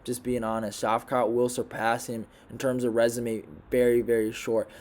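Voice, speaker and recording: A man's voice: mid-range voice, little pitch movement, moderate pace. Blunt, profane young man recapping fights. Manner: blunt and profane, swings into loud rants. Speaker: MMA commentator. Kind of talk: casual fight recap monologue.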